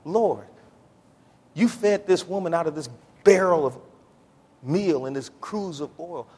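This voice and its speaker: Male preacher, high and husky voice, rising to shouted prayer, echoey church sanctuary. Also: expressive, measured pace. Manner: builds from low talk to shouted pleading prayer; Southern-style preaching cadence, says y'all. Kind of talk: sermon.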